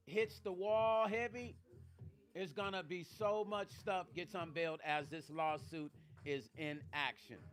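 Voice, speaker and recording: A man's voice: high voice, fairly bright tone. A middle-aged man hosting his own live stream, emotional and close to tears, speaking emphatically and directly to his viewers. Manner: tearful, emphatic, addresses viewers directly, swears. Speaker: vlog host.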